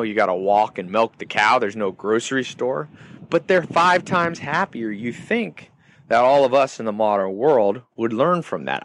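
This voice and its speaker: Speaking in a mid-range, somewhat bright voice, a podcast host delivers a motivational monologue. He's emphatic and punchy, hammering key phrases through repetition.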